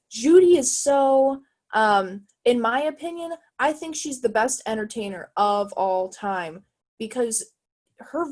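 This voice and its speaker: An 18-year-old woman from Illinois, a guest talking casually over a video call, eager and halting, full of fillers and restarts. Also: mid-range voice, a little mellow. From Illinois, USA. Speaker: guest, jazz trumpet player. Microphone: video call microphone.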